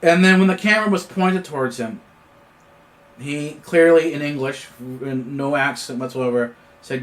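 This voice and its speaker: A man's voice: on the high side, moderate pace. A man hosting his own news commentary show, talking off the cuff with many fillers and restarts. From Canada. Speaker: host of an independent news commentary channel. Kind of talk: unscripted political commentary monologue.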